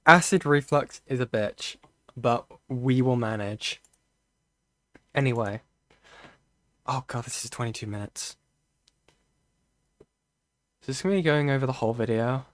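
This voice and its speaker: A man does casual live-stream commentary, talking to his chat as he reads through things on screen. His middle-pitched voice is recorded dry on a close desk mic with no room sound. He thinks aloud haltingly, restarting often and returning again and again to "okay".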